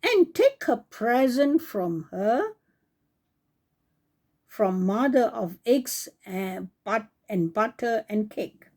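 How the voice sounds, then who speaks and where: A woman's voice: fairly high pitch, very animated, slow, a little mellow, exaggerated voice. A woman doing a sweet little storybook girl. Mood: eager. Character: sweet kind little girl in a red hood.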